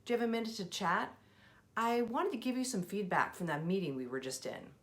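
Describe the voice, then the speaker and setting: A woman's voice: mid-range voice, brisk, fairly bright tone, natural voice. A woman quoting a friendly female colleague giving frank feedback. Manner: direct, kindly explaining.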